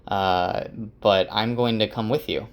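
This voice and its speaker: Man playing a calm fatalistic warrior, plain, matter-of-fact, low. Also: unhurried.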